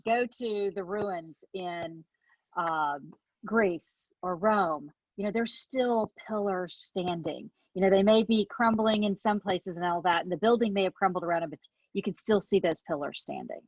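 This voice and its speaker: A woman with a Southern US accent hosting a podcast, warmly affirming her guest. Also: fairly low pitch, normal speed, dry recording, highs cut off. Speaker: podcast host. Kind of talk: casual podcast conversation.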